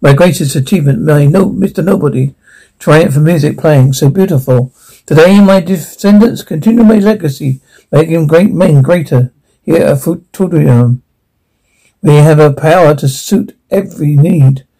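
A man playing a pompous old mad scientist from Bavaria, who gives a grandiose, theatrical welcome speech in a husky voice. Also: fairly high pitch, normal speed, dark tone, rough recording. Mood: boastful. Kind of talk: TV drama acting.

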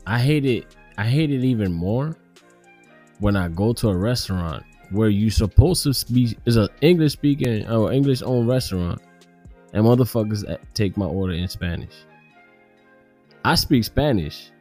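A man's voice: lowish voice, animated, moderate pace, a little mellow, faint music behind. A man on a casual podcast, ranting with heavy swearing. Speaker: podcast co-host.

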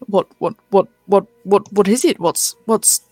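A woman voicing a gentle, concerned man who stammers as he asks questions. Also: medium pitch, unhurried, breathy edge, no echo, soft background music. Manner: stammering, soft.

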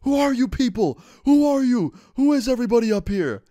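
A man's voice: extremely high pitch, expressive, fairly quick, warm tone, no echo, clean studio sound, voice pushed up. A man doing a screaming, paranoid homeless man. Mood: screaming, frightened. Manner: screaming at the top of his lungs.

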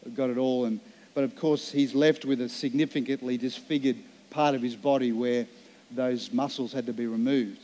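A man preaching as a pastor, telling a personal story in an earnest, slow and emphatic way, in a church setting. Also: mid-range voice, steady tone, mellow. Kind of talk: sermon.

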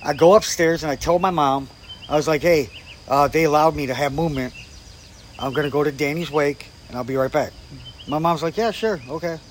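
A guest storyteller tells a story in casual chat, swearing freely and acting out what people said. His voice leans high and brisk, with slight background noise.

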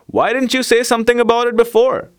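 A man's voice: extremely high pitch, fairly even intonation, fast talker, pitched above the performer's own voice. A man voicing a hungry, eager male pet dog who growls and grumbles in a storybook reading. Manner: gruff, eager.

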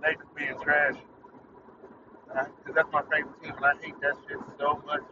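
A man's voice: on the high side, flat delivery, moderate pace, recorded from a distance, lo-fi sound, noisy background. A man hosting his own podcast, ranting in a rambling, irritated, profane way. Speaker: podcast host. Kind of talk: casual solo rant.

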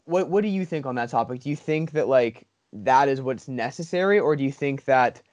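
A man's voice: medium pitch, lively intonation, a little fast, a little mellow, no echo. A man hosting a podcast, asking questions in an enthusiastic, rambling way full of fillers. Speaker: podcast host. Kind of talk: podcast interview.

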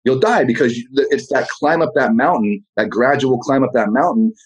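A man as a podcast guest in casual motivational talk, blunt and profane, telling animated stories. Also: mid-range voice, brisk, breathy edge, rough recording.

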